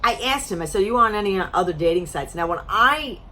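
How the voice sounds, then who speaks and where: Woman, vlogger, blunt storyteller, swears freely, very expressive pitch, slightly strained voice. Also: a little fast. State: losing her voice. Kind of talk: casual storytelling to camera.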